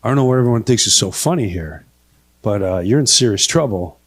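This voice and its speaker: A man voicing a gruff, stern federal agent who talks low and clipped. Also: lively intonation, a little fast, dry recording, studio quality.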